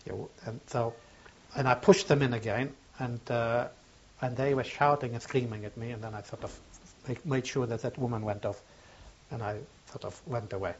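Older man, oral history testimony, halting speech, mid-pitched voice, muffled lo-fi audio. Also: fairly even intonation, slightly rough. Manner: halting, searching for words. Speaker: interviewee. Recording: dull lo-fi recording.

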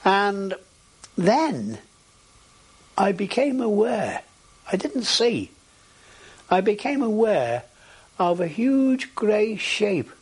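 An older man with a husky voice, recounting his experiences in a recorded interview with frequent hesitations. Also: high voice, drawn-out words, pauses often. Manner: animated storytelling with frequent hesitations. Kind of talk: oral history recollection.

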